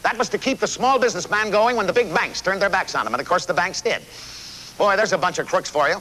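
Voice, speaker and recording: An actor playing a blunt, folksy older American president with a Missouri accent, performing live on stage. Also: male voice, high voice, lively intonation, fast, pushed and bright, slight background noise, low-quality recording. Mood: wry. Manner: folksy, salty, emphatic. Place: theater stage.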